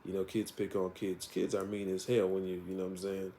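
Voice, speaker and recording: A man's voice: low-pitched, monotone, a little fast, dark tone, slight background noise. A man casually retelling a comic story in a rambling way, with lots of fillers and laughs. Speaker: comic reviewer.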